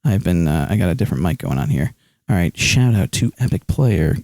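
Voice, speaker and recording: A man's voice: sits low, animated, normal speed, creaky, warm tone, dry recording, clean studio sound. A man streaming live, chatting casually and rambling with lots of ums and likes, speaking into a hand microphone.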